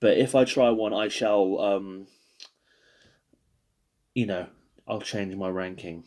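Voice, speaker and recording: A man's voice: lowish voice, unhurried, long pauses, darkish tone. A man talking casually to camera, rambling and swearing with self-deprecating jokes, a little tired. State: yawning, tired. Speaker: podcast host ranking biscuits. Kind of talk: casual solo video monologue.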